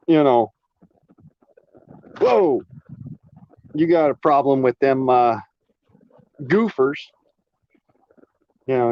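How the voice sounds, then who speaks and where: A male vlogger with a medium-pitched voice chats casually while showing an air gun, rambling in a folksy way and swearing now and then. There's no room sound, and the lo-fi audio is slightly muffled.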